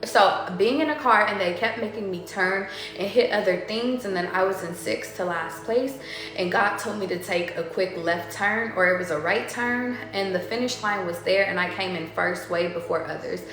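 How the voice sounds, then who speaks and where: Faint music and heavy room echo surround a woman who reads tarot, chatting loosely between stories with lots of laughter and free swearing. She talks at normal speed in a mid-range, fairly bright voice.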